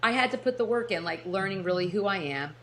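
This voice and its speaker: A middle-aged woman from New Jersey speaks with a New Jersey accent in a relaxed interview chat. She laughs easily at herself and restarts her sentences as she tells her story. A faint hiss sits under the voice. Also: mid-range voice, fast. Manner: chatty, self-deprecating, laughs often, restarts sentences. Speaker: podcast guest, author.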